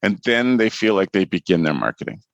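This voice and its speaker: A man with a very low voice talks casually on a podcast, telling stories frankly and swearing now and then. His voice sits close and dry, with no room sound around it. He comes across as a host in his thirties. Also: very animated, brisk, creaky, no room sound, muffled recording. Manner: candid, storytelling, mildly profane.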